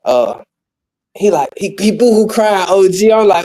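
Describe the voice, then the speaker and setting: A man telling a story in casual chat, animated, acting out the voices of the people in it and laughing often. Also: high voice, a little slow, poor audio. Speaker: podcast host.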